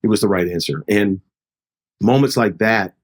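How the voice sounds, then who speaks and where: Earnest, low-voiced middle-aged pastor. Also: male voice, moderate pace. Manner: earnest, heartfelt, re-enacts dialogue. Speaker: pastor, guest. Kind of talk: conversational storytelling.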